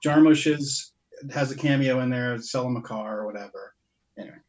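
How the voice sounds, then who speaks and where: A man's voice: mid-range voice, fairly quick. A man co-hosting a podcast, chatting casually about his purchases, rambling and breaking off mid-sentence with frequent laughs. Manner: rambling, self-interrupting, laughs often. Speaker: podcast co-host.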